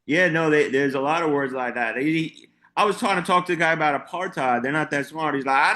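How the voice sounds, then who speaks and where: Male comic guest, loose rambling banter, slightly high voice. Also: brisk, pushed and bright. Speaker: comedian guest. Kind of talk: casual interview chat.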